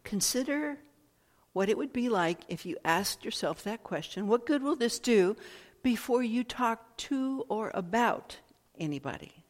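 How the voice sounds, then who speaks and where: A woman giving a thoughtful, reflective talk at an unhurried pace, often repeating phrases and pausing to find words. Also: on the high side, lively intonation. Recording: long hall reverb.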